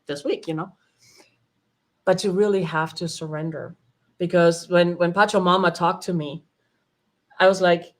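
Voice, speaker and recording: Low-voiced woman telling a heartfelt story. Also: measured pace. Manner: animated, laughing often, acts out quoted dialogue. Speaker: retreat participant sharing her experience. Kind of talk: emotional personal testimony.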